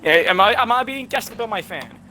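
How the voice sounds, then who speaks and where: A man's voice: high voice, expressive, fairly quick, bright, forceful tone, slight background noise. A young man who tells a rambling, sweary story while gaming with friends. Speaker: streamer and gamer.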